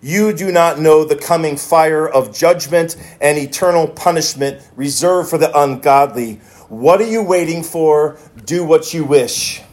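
A preacher reading as an aged defiant martyr. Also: male voice, fairly high pitch, measured pace, hardly any pauses, a little mellow, natural voice. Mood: steadfast. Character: aged steadfast male martyr bishop, calm and defiant.

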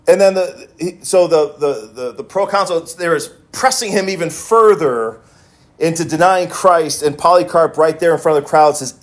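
A man's voice: fairly high pitch, normal speed. A male pastor telling a story in a sermon, with many restarts as he retells it.

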